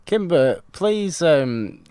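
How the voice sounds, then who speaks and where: A man's voice: fairly high pitch, sing-song, drawn-out words, dark tone, clean tone, no echo. A man co-hosting a podcast in casual chat, rambling and self-mocking with old-fashioned phrasing. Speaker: podcast co-host.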